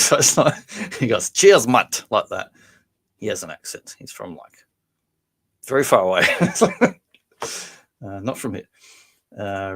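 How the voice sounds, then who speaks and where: A man hosting a casual live stream about his toy collection, rambling along and answering viewer comments. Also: mid-range voice.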